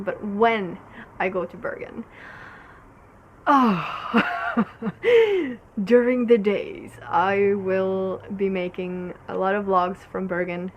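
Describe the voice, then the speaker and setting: A woman's voice: lowish voice, lo-fi sound, a little hiss or hum. A young woman from Norway, hosting a casual knitting podcast in a rambling, giggly way, full of fillers. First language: Norwegian. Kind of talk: casual solo podcast chat.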